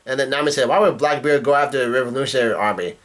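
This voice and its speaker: A man's voice: medium pitch, rapid-fire, fairly bright tone. A man casually reading comic dialogue aloud and breaking in with profane asides. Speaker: manga reaction youtuber.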